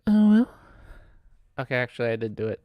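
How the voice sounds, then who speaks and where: A man's voice: mid-range voice, sing-song, brisk, no echo, narrow, tinny audio. A man hosting a casual sports podcast, rambling with fillers and swearing, with a cough. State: has a cough. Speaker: podcast host.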